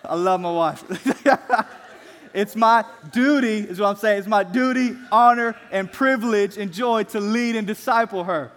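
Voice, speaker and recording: Earnest young preacher in a big hall. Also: male voice, high-pitched, a bit bright. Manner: earnest and exhorting, with slow emphatic phrases. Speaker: student pastor. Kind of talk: sermon.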